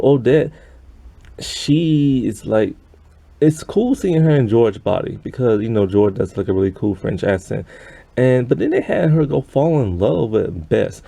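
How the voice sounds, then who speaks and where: A man's voice: medium pitch, vocal fry, mellow, no echo. A man ranting in an exasperated, rambling way about a TV episode, sighing often. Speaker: show reviewer. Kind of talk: ranting TV review.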